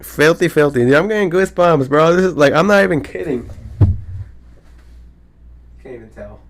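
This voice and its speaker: Excitable slangy young male podcaster. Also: a little high, normal speed. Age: around 20. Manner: excitable, slangy, swears a lot, rambling. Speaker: podcast host. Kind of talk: casual solo podcast chat.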